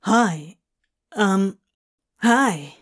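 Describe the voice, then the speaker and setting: A woman's voice: mid-range voice, lively intonation, extremely slow. A woman reading a story aloud and voicing an awkward, flustered young man who mumbles and hesitates. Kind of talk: fanfic audiobook reading.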